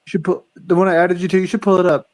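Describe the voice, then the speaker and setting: A man's voice: high-pitched, flat delivery, a little mellow. A young man, a streamer, chatting casually in a rambling way with lots of fillers. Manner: rambling, filler-heavy, quick. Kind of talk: casual chat.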